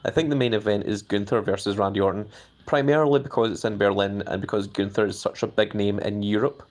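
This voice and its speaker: A man hosting a live stream. He chats casually, fills his talk with hedges, and his pitch jumps up whenever he reads out viewer comments. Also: fairly even intonation, quick pace, darkish tone. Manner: hedging with many fillers.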